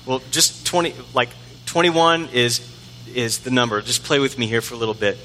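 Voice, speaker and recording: A man's voice: medium pitch, moderate pace, pushed and bright, a little hiss or hum. A middle-aged man preaching a conversational, self-deprecating sermon in a church, acting out the voices he quotes. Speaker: pastor. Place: church sanctuary. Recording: long hall reverb.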